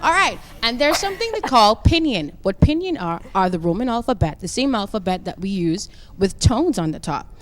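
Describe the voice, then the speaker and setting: A woman's voice: medium pitch, sing-song, normal speed. A woman language coach teaching a lesson on a youth TV show, upbeat and prompting the audience to repeat after her.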